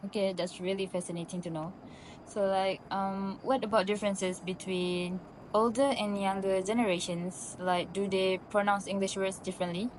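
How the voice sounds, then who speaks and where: A woman's voice: medium pitch, steady tone, moderate pace, a little hiss or hum, poor audio. A woman interviewer asking prepared questions in a hesitant way, with fillers.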